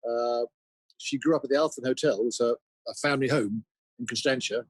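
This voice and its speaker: A man, a musician guest, chatting in a relaxed, anecdotal way. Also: mid-range voice, a little fast, slightly rough, dry recording, low-quality recording. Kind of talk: casual interview chat.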